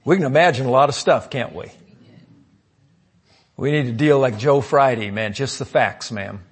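In a husky voice at normal speed, a pastor preaches, shifting from booming, emphatic lines to low asides and prompting the congregation with "amen?"

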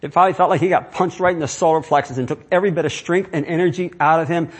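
Male pastor, slightly high husky voice, sermon delivered as an informal talk full of rhetorical questions. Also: fairly even intonation, racing. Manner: conversational preaching with rhetorical questions.

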